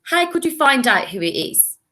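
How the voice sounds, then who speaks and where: A young English woman teaching a recorded French lesson to primary school children, speaking slowly and encouragingly. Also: high voice, very animated, sharp tone. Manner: slow, encouraging, sings simple tunes.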